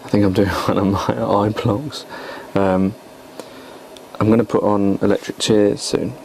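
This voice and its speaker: A man's voice: lowish voice, little pitch movement, measured pace, gravelly, a little mellow, a little hiss or hum, low-quality recording. A man talking casually on his video blog about his poems, in a rambling, hesitant, self-deprecating way. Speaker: poet and vlogger.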